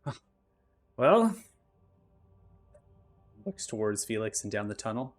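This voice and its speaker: A man acting as game master, calmly narrating the action and explaining rules step by step. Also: lowish voice, fast, faint music behind. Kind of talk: narrating and ruling a tabletop game.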